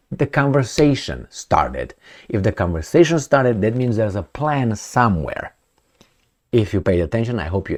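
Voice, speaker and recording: A man giving sarcastic political commentary with non-native phrasing, animated and fond of mouthing sound effects. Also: on the low side.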